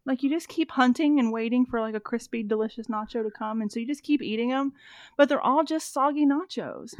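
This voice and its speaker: A woman's voice: on the high side, a little fast, no room sound. A woman in her thirties chatting casually on a podcast, rambling with lots of fillers and swearing freely. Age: 30s. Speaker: podcast co-host. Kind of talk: casual movie recap chat.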